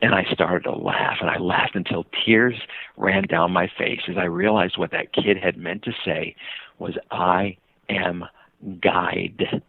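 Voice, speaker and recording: An animated man telling a story in a gravelly, husky voice, with plenty of fillers along the way. He comes through a tinny, narrow phone line with no room sound. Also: deep voice, normal speed, no echo. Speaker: guest, traveler and author. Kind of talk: storytelling in a podcast interview.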